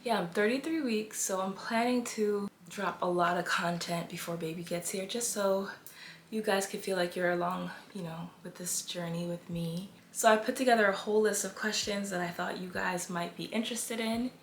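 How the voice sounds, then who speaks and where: A woman's voice: medium pitch, slight background noise. Young female vlogger, breathless, casual chatty delivery, roomy echo. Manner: chatty, with long pauses. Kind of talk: casual vlog chat.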